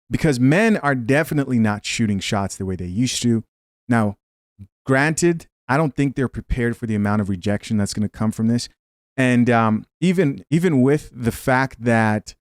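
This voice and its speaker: A man's voice: on the low side, no room sound. A man in a dry, close-sounding room delivers casual, opinionated commentary on a clip. He talks straight to his viewers and reads their comments aloud between his takes. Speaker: reaction video host. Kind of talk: casual commentary reacting to clips.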